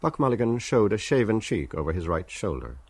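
A man narrating a literary radio drama in a measured, deliberate reading. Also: lowish voice, very animated, vocal fry, a little mellow, breathy edge, dry recording.

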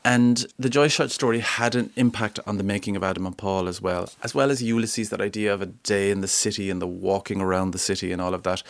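Gravelly, low-voiced Irish man. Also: fast talker, few pauses, no echo. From Ireland. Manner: relaxed, self-deprecating, laughs often. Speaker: guest, screenwriter and actor. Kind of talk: radio interview chat. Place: radio studio. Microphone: studio microphone.

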